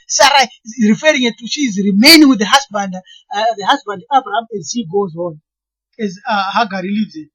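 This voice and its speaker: Woman w/ a background, husky and a bit high, explaining slowly, keeps restarting words. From Zimbabwe. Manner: earnest, deliberate, often stalls and restarts words. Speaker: lecturer on name meanings. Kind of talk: explanatory monologue.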